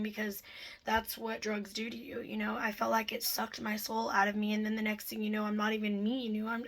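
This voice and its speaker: A woman's voice: a little high, fairly bright tone, poor audio. A woman telling her own life story to her viewers, frank and rambling, swearing freely and speaking straight to them. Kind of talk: candid personal storytime.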